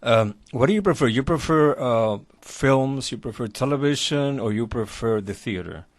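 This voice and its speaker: A man hosting an interview, asking questions with many pauses and repeated words. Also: mid-range voice, expressive, dry recording. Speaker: host.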